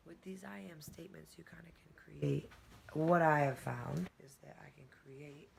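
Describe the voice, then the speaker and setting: A woman's voice: low-pitched, moderate pace, creaky, a little mellow, poor audio. A young woman vlogger and fitness instructor, recapping her day in a rambling, casual way, swearing and often dropping into a whisper. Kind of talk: casual daily recap vlog.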